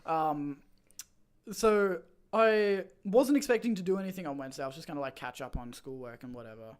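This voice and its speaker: Young man, high voice, casual rambling streamer chat. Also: lively intonation, brisk, clean tone. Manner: rambling storyteller with many fillers and restarts. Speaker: streamer host.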